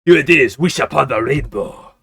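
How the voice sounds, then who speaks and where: A man voicing a female band leader who rallies a crowd in a slow, stage-speech way, with faint music behind. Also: mid-range voice, vocal fry, fairly bright tone, breathy edge, no room sound. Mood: rousing.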